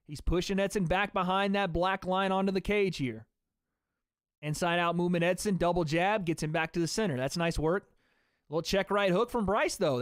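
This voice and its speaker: A man calling fights on a livestream for his chat, casual and profane, jumping between play-by-play and chatter. His voice sits a bit high for a man. The sound is dry and close. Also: no echo. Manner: chatty, swears freely, talks to chat between calls. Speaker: livestream host. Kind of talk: fight watch-party commentary.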